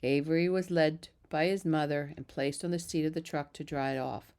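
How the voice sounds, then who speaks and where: A woman reads a children's novel aloud at a steady pace, slipping on a word now and then. Her voice is slightly low. She narrates evenly. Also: moderate pace, clear, resonant tone. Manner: steady, even narration with small slips. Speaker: reader. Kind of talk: storybook read-aloud.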